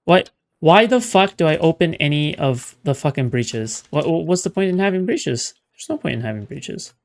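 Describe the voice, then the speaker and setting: A man's voice: fairly high pitch, animated, moderate pace. Sarcastic, swearing male streamer. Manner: sarcastic, profane ranting. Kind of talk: live gameplay commentary.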